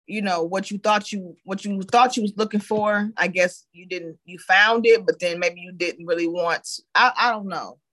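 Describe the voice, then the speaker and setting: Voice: mid-range voice, steady tone, moderate pace, few pauses, sharp tone, no room sound. A speaker in a casual chat, rambling and hedging with lots of fillers.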